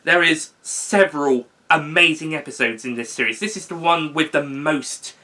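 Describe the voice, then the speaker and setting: A young man talking casually in an unscripted video, rambling, correcting himself and filling pauses with um. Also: fairly high pitch, sharp tone. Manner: rambling, with fillers and self-corrections. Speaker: video host ranking seasons.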